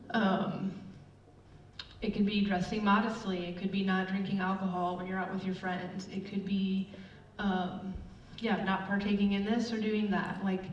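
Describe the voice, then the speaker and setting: A middle-aged woman preaches in a chatty, storytelling way, full of little fillers. Her voice sounds distant and echoey, as if picked up from across a hall. The sound is slightly dull, with faint room noise behind her. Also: mid-range voice. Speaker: church speaker. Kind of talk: casual sermon with personal stories.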